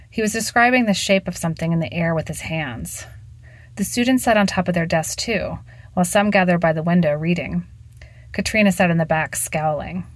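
A woman narrating a story in an even, measured reading. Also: fairly low pitch, dry recording.

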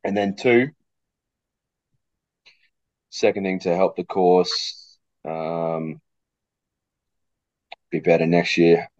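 A man, a coach speaking as a podcast guest, thoughtful and pausing to repeat words, with a cough. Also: sits low, steady tone, a little mellow, no room sound, dull audio. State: coughing fit. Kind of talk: casual interview chat.

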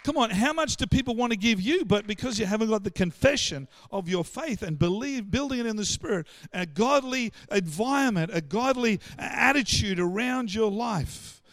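A man with an Australian accent preaching a sermon, animated and full of stammered restarts as he acts out the voices of the people he quotes. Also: sits high, moderate pace, hardly any pauses, dry recording. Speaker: pastor.

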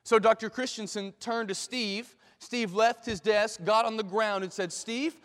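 High-voiced man telling a dramatic story. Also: fairly even intonation, normal speed, a bit bright. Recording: long hall reverb.

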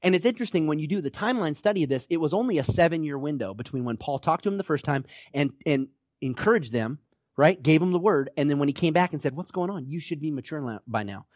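Male pastor, exhorting sermon delivery, high voice with big swings in pitch. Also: expressive, fast talker, no echo, clean studio sound. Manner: emphatic, exhorting, rallying with "come on now".

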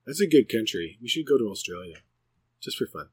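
A man's voice: on the low side, very animated, fairly quick, darkish tone, breathy edge, no echo. A middle-aged man co-hosting a podcast in easygoing, joking casual chat. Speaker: podcast co-host.

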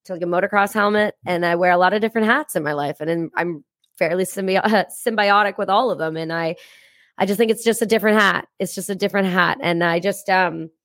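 A woman's voice: lowish voice, brisk, no echo, studio quality. Blunt, profane woman telling stories. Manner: blunt, profane, energetic storytelling. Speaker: podcast guest. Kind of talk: casual interview chat.

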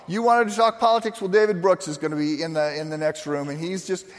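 A man's voice: a little high, steady tone, quick pace. A man preaching a sermon, telling a story in a loose, conversational way and acting out the people he quotes. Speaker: pastor. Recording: long hall reverb.

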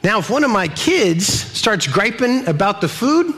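A man's voice: sits high, measured pace, hardly any pauses. A man in his thirties preaching a sermon at a church service, joking and acting out little voices. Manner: animated, jokey, acts out little voices. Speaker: pastor. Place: church service with a live audience.

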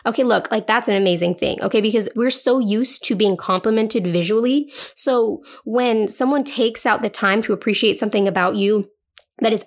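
Chatty woman podcaster with vocal fry. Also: mid-range voice. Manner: chatty and playful, often checks in with "okay?". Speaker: podcast host. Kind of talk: casual solo podcast talk.

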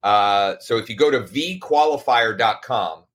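A man's voice: on the low side, measured pace, fairly bright tone. A man hosting a casual live show, talking in a loose, rambling way with frequent restarts. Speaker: host.

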